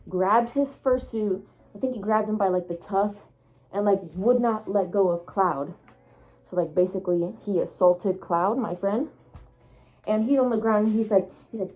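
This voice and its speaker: A young woman telling a story in a casual vlog, animated, acting out what people said with big jumps in her voice. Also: dull audio. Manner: animated, acts out quotes with big pitch jumps. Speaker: storyteller vlogger.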